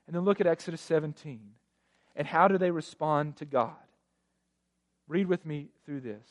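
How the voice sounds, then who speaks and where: A male pastor preaching a sermon, emphatic, with sweeping rises in pitch and loudness and repeated phrases for effect. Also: brisk.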